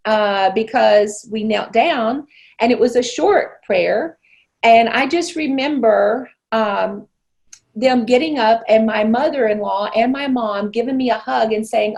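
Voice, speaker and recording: A woman in her sixties with a slightly high, gravelly voice full of vocal fry. She recounts her own past as an interview guest in an earnest, reflective way. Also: measured pace, darkish tone. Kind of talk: personal testimony in conversation.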